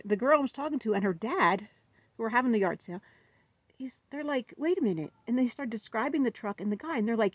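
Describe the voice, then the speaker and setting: Upset woman venting with a gravelly voice. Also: mid-range voice, no echo, poor audio. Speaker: vlogger. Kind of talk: casual storytelling vlog.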